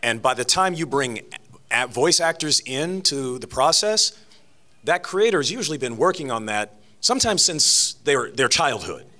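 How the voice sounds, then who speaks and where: Lively bright-voiced man on a panel. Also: medium pitch, moderate pace. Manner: animated, chatty, with laughs and restarts. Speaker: guest voice actor. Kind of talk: convention panel interview answers. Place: convention panel stage.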